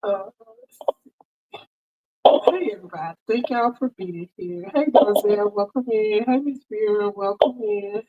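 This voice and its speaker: This sewing livestream host speaks a little slowly in a medium pitch, and the audio is narrow and tinny from her headset mic. She's chatty and warm, welcoming viewers by name in casual conversation.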